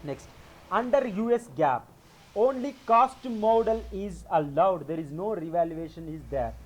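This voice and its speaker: High-voiced man teaching accounting. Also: lively intonation, unhurried. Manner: explanatory, repeats points, frequent self-corrections. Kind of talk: classroom lecture.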